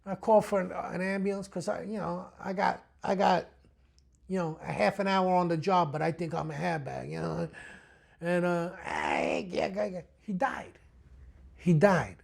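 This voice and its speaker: A man's voice: sits high, moderate pace, creaky. A middle-aged man with a New York accent, a retired police detective telling blunt, profane stories in an interview. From the Bronx, New York. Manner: blunt, profane, animated street-tough storyteller. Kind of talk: storytelling interview talk.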